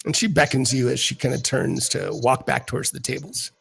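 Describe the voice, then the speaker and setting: A man narrating as dungeon master of a tabletop game in a rambling, halting way. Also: medium pitch, fairly even intonation, gravelly, a bit bright, slightly rough, low-quality recording.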